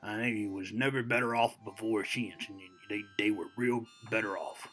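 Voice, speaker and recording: A man's voice: on the low side, normal speed, a bit bright, breathy edge, soft background music. A man playing a very old, boastful American storyteller who rambles and digresses in a folksy way, full of "you know" fillers. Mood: rambling. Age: over 60. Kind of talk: comedic character monologue.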